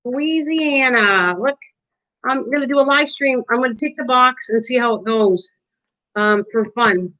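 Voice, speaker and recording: Older woman, casual streamer from her kitchen, talks to viewers and laughs a lot; a bit high-pitched, muffled stream audio. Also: fairly even intonation, normal speed, a bit bright. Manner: chatty, talks to viewers by name, laughs often. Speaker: live-stream host. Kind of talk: casual live-stream chat. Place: home kitchen.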